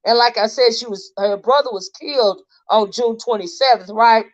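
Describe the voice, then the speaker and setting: A woman hosting a casual livestream commentary, talking straight to her viewers. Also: on the high side. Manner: chatty, talks straight to viewers, halting restarts while reading posts aloud. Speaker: livestream host. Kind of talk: casual commentary on a crime case. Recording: slightly dull lo-fi stream audio.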